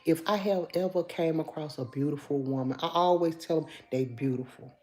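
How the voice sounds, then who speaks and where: A woman's voice: deep voice, moderate pace, a little mellow. A woman in her fifties with a Memphis accent, chatting casually on a livestream and reading viewer comments aloud. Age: 50s. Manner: chatty, addresses viewers as y'all. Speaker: livestream host.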